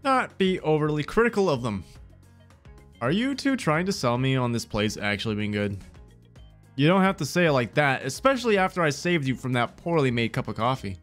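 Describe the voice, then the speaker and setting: A man playing through a dating game, reading its text aloud with an animated, playful and theatrical delivery. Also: mid-range voice, brisk, faint music behind. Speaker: gaming content creator.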